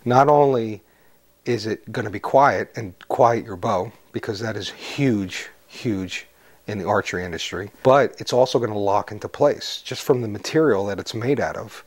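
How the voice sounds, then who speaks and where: Earnest man pitching his product, husky. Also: moderate pace. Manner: earnest, persuasive, asks rhetorical questions. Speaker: company founder. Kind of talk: promotional interview.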